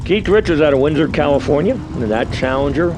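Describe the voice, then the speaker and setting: Chatty New York drag race announcer. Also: male voice, a little high, expressive, a little fast, noisy background. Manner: chatty, rambling asides between results. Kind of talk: live race commentary. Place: outdoor drag strip.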